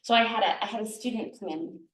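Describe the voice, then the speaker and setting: A woman's voice: mid-range voice, fast, a bit bright, recorded from a distance. A woman herbalist from Minnesota giving a casual talk, chatty and laughing often, with many restarts. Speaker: herbalist teacher. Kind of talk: casual talk to a guild audience. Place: room at a guild meeting. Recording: echoey room.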